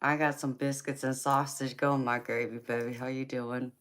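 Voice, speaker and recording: A woman's voice: extremely low pitch, level tone, moderate pace. A woman chatting with viewers on a live tarot stream, teasing and folksy, laughing often. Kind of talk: casual live chat with viewers.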